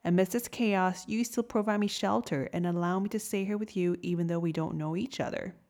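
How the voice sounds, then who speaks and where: A woman voicing a tiny, gentle male shrimp in a storybook tale, polite, timid and sweet. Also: fairly low pitch, brisk, lightly acted. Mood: earnest.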